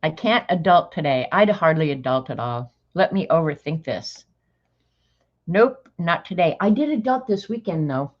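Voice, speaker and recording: A woman's voice: sits low, expressive, moderate pace, highs cut off. An older woman hosting a livestream, chatting casually with viewers and reading aloud with dry, sarcastic asides. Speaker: livestream host.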